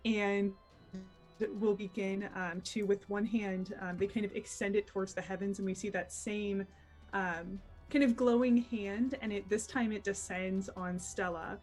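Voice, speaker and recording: A woman speaking slowly and deliberately as she narrates her character's turn in a tabletop game, pausing with "uh" and "um". Her pitch sits in the middle, and soft music plays underneath. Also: steady tone. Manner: unhurried, hesitant narration. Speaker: player.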